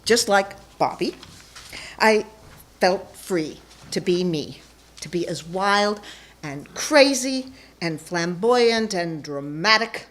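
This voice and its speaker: A woman's voice: fairly low pitch, lively intonation, takes it slowly, a bit bright. A woman telling a personal story onstage before a live audience, playful and self-mocking.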